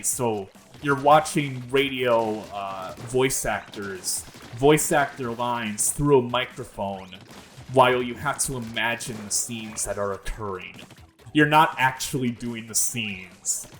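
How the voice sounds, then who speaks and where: A man's voice: medium pitch, fairly bright tone. A young man hosting a gaming video, rambling in casual commentary full of fillers and swearing. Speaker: gaming channel host.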